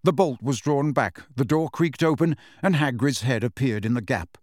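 A man narrating a storybook at a middle pitch, steady and unhurried. He shifts his voice slightly for the characters. The recording is dry and close to the mic. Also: dry recording. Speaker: audiobook narrator. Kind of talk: scripted narration.

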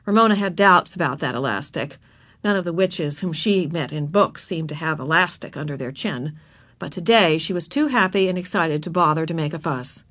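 A woman's voice: low voice, moderate pace, a bit bright, no room sound, clean studio sound. A woman reading a children's chapter book aloud, narrating expressively and voicing the characters.

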